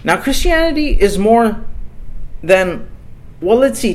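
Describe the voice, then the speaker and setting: A man's voice: sits high, lively intonation, normal speed, rough recording. A man preaching a sermon in an earnest, emphatic way, repeating key phrases for weight.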